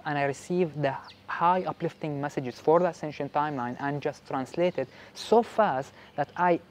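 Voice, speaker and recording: A male spiritual vlogger explains his experiences in relaxed, casual talk. He stops and repeats words while looking for how to say things. A faint hiss sits behind his voice. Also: a little high. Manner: halting, repeats words while searching for phrasing.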